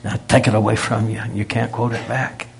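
A man with a fairly low, gravelly voice and level tone preaches fast, with a little hiss or hum in the recording. His sermon is folksy and storytelling, conversational at first and growing emphatic as he presses his points.

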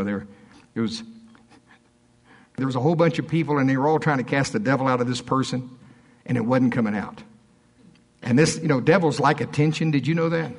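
A man preaching a sermon as pastor, telling stories and acting out quotes with big swings in pitch. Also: brisk, long pauses. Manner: storytelling preacher, swings between high animated quotes and low asides.

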